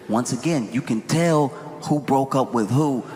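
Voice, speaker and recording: A man doing stand-up, his voice leaping around, incredulous and animated. It is recorded live in a big room with a long echo, and the audience is clearly heard. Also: medium pitch. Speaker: stand-up comedian. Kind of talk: stand-up comedy routine. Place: comedy venue. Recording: live hall with audience noise.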